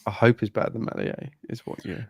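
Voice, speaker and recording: A man's voice: on the low side, fairly even intonation, quick pace, creaky, breathy edge, dry recording, studio quality. A man chatting casually about football, swearing freely and restarting his sentences. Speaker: podcast co-host.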